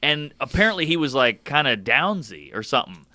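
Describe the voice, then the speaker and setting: A man with a bright, ringing voice and a lively, bouncing delivery, telling a story as a comedian guest on a podcast. He talks crude and deadpan, and he keeps jumping into voices for the people in his story. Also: medium pitch, fairly quick.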